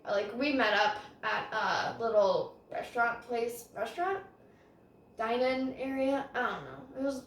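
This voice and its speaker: Podcast host: young woman, rambling self-conscious storyteller, bright high voice, sits back from the mic. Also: far from the mic. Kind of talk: casual storytelling. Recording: roomy echo, voice off-mic.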